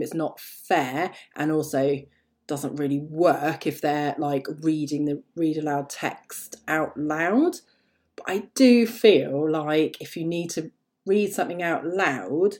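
A woman talks through her solo podcast in a low, mellow voice. She rambles loosely and wanders into asides as she goes. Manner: chatty, rambling, full of asides and fillers. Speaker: podcast host. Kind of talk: casual solo podcast talk.

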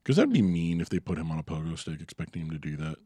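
A man's voice: a bass voice, big pitch swings, rapid-fire, dark tone, breathy edge, dry recording, clean studio sound. A man co-hosting a casual podcast, wry and incredulous, swearing now and then. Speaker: podcast co-host. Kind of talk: casual chat.

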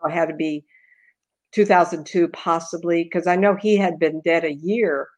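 An older woman in a casual chat, once a cemetery tour guide, explaining things plainly with lively interjections. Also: fairly low pitch, moderate pace.

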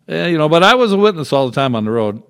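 A man's voice: on the high side, very animated, rapid-fire, creaky, clean tone. A middle-aged man, a trucker chaplain, telling stories in a casual interview with a folksy manner and frequent chuckles. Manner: folksy, chuckles often through his stories.

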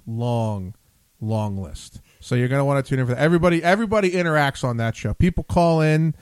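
A man's voice: on the high side, clear, resonant tone, no echo. A man hosting a radio show, talking in a blunt, profane, rambling way with lots of restarts. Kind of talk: casual on-air chat.

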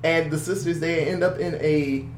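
A woman's voice: low-pitched, fairly even intonation, normal speed, a little mellow. A woman recapping a movie plot in casual chat, laughing often and adding profane asides. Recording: echoey room with faint hum.

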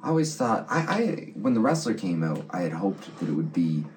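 A young man chatting casually on a podcast, rambling and halting, often laughing. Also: low-pitched, sing-song, darkish tone, far from the mic, a little hiss or hum. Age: young adult. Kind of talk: casual chat.

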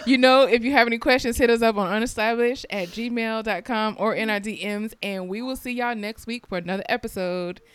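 A woman's voice: a little high, brisk, few pauses, clean tone. A woman co-hosting a podcast in casual chat, blunt and reassuring, swearing freely. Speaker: podcast co-host.

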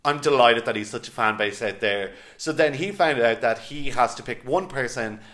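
A man co-hosting a podcast, chatting in an animated, casual way and swearing now and then. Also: mid-range voice, normal speed. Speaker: podcast co-host. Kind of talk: casual chat recapping a reality show.

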